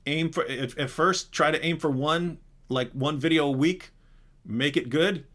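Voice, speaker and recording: A man's voice: on the high side, measured pace. A man hosting a live question and answer stream, talking casually and animatedly, often breaking off and restarting. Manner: animated, rambling, self-interrupting. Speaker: live Q&A host. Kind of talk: casual livestream chat.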